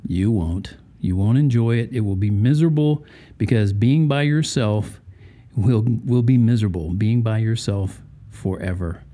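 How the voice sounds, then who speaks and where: A man's voice: lowish voice, normal speed, warm tone. A man hosting a faith-based podcast, talking conversationally and putting rhetorical questions to the listener. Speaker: podcast host.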